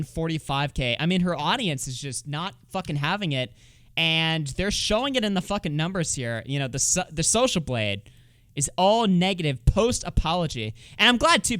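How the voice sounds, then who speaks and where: A man's voice: fairly high pitch, a bit bright, smooth, dry recording, studio quality. A man doing casual livestream commentary, swearing freely and sarcastic, reading comments aloud. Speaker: streamer.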